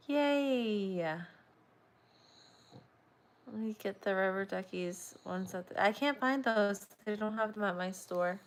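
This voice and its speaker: A woman's voice: mid-range voice, slow, pauses often. Sleepy woman chatting on a livestream. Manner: sleepy, rambling, reads viewer comments aloud. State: tired and yawning. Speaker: crochet livestream host. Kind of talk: casual livestream chat.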